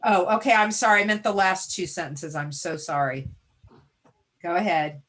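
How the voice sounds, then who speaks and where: A woman with a fairly low voice leads a reading lesson as a teacher. She gives patient, encouraging step-by-step prompts to her class. She sounds like she is on a video call. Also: fairly even intonation, normal speed, fairly bright tone. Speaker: teacher presenting a reading webinar.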